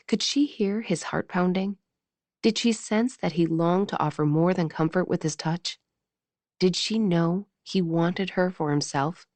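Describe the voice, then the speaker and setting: Low-voiced woman reading an audiobook. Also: darkish tone, dry recording. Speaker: audiobook narrator. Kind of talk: scripted romance narration.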